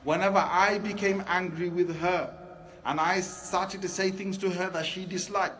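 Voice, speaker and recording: A man with a fairly high voice preaches a Friday sermon to a hall of men, calling them brothers. He tells his stories with animation. Faint room ambience sits behind him. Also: steady tone, normal speed, fairly bright tone, a little hiss or hum.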